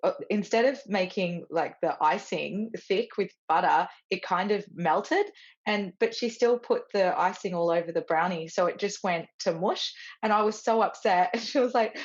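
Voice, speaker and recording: A woman's voice: on the low side, normal speed. Lo-fi, chatty middle-aged woman host. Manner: rambling, many restarts, laughs easily. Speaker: podcast host and stylist. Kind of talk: casual conversational chat. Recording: dull lo-fi sound.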